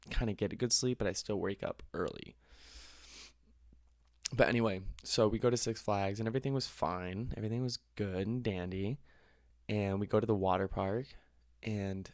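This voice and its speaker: A young man with a lowish voice tells stories on his own casual podcast, rambling loosely, laughing and swearing as he goes. His voice is close and dry, with little room sound around it. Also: darkish tone, no echo. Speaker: podcast host. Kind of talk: casual solo podcast storytelling.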